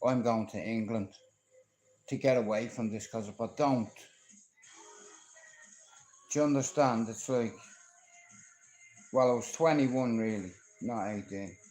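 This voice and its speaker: A man's voice: medium pitch, measured pace, pauses often, a little mellow, reverberant, faint music behind, rough recording. Profane Dublin man ranting on a livestream. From Ireland. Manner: profane, confrontational, storytelling. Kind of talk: rambling live-stream monologue.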